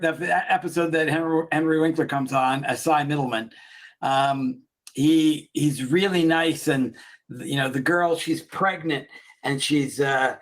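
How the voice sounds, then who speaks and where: Laughing, rambling man retelling a show. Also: fairly high pitch. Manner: rambling, laughs often, acts out quotes. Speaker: podcast co-host. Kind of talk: casual chat, retelling a comedy show.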